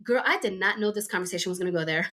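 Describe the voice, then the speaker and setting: Husky middle-aged american lady rambling through a story, lots of "like" and "you guys". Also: mid-range voice, very fast, sharp tone. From United States. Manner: rambling storyteller with many fillers and asides. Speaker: guest. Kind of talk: casual chat.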